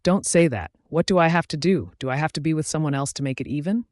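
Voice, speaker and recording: A man's voice: a little high, fast talker, dry recording, clean studio sound, natural voice. A man voicing an earnest, forgiving young mate who pleads insistently in an audiobook romance. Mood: pleading.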